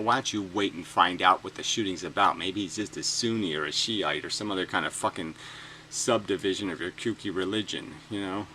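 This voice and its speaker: Foul-mouthed guy reading the news and mocking it, bright sharp voice, sarcastic. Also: sits low, a little hiss or hum, rough recording. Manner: sarcastic, profane, mocking asides. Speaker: commentator reading news stories. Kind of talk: sarcastic comedic rant.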